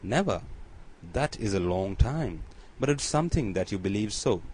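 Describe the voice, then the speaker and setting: A man's voice: fairly low pitch, animated, moderate pace, a little mellow, breathy edge. A man reading a cool, commanding Count. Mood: composed.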